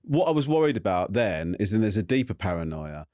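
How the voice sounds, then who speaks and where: A man in his forties hosts a relaxed chat with a low voice that swings up and down a lot. He talks in a self-deprecating way with stumbling restarts, recorded close and dry. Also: brisk, dry recording. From England. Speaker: host. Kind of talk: casual chat.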